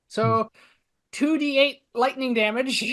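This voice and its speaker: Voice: high-pitched, steady tone, slow, fairly bright tone. A player chatting casually at a tabletop game. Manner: casual, chatty, many fillers.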